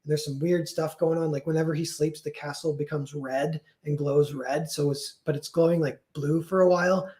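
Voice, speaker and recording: A man's voice: on the high side, fairly even intonation, a little fast, a little mellow. A man casually retelling a folk tale on a livestream, rambling and full of "like" and self-corrections. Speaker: streamer.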